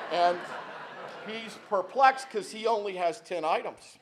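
A middle-aged male pastor delivers his sermon in a relaxed, storytelling way. His voice sits a little on the high side for a man, and he keeps turning to the congregation with easy asides. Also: measured pace, background noise. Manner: conversational, folksy, with asides to the congregation.

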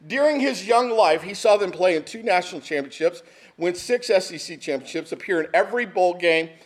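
A man's voice: high-pitched, expressive, brisk. A middle-aged man, preaching a sermon as a pastor in a conversational storytelling way. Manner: conversational storytelling, asks the room "right?".

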